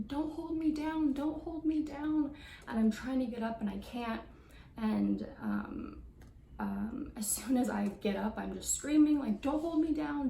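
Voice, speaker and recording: A young woman in her twenties tells a story to camera, her voice carrying a gravelly vocal fry. She talks casually, with many fillers. The room is echoey, with faint background noise. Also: medium pitch, a little mellow. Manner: chatty, lots of fillers and likes. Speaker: vlogger. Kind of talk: story time vlog.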